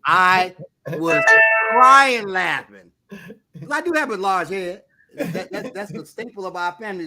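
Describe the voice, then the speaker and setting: A middle-aged man trades stories in an easygoing talk show. His voice sits high and bright, and he tells his tales with animation and frequent laughter. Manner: animated storyteller, laughs a lot. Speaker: podcast co-host. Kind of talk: casual chat.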